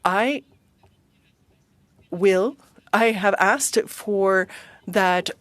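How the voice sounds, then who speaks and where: A woman simultaneously interpreting a parliamentary committee hearing, steady and even, with frequent hesitations. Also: medium pitch, very slow, no room sound.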